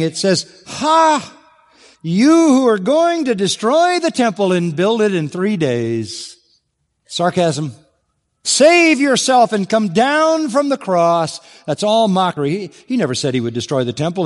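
A man's voice: on the high side, big-room sound. A man preaching an expository sermon, emphatic, rising to stress key points. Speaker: pastor.

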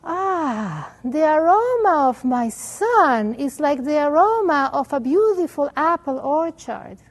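A woman voicing a blind old father who speaks slowly and wonderingly. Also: high voice, very animated, voice pushed up, exaggerated voice. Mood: tender. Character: blind old father, tender then alarmed.

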